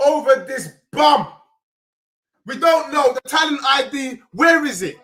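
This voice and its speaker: Hoarse young man, high and sharp-toned, shouting football rants. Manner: ranting, often shouting. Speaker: fan channel host. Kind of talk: ranting football reaction.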